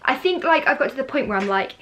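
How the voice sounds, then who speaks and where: Here a young English vlogger, fast-talking with a high voice, lively intonation and a fairly bright tone, chats to camera indoors at home. Her talk wanders casually, and she often makes fun of herself.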